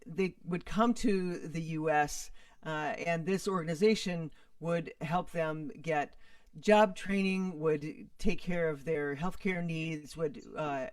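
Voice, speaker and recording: Soft, thoughtful woman, far from the mic. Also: lowish voice, dry recording. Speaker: musician guest. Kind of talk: conversational interview.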